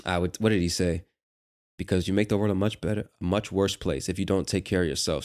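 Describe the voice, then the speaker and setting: An American man hosting a lesson, explaining a clip slowly and patiently with casual asides. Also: deep voice, fairly even intonation, darkish tone. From United States. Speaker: host.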